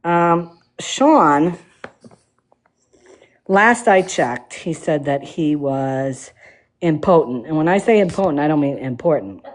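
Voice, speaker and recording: A woman's voice: sits low, takes it slowly, pauses often, slight background noise. A woman hosting a casual livestream while working on a project, talking with many fillers and breaking into playful laughter. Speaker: livestream host refinishing furniture.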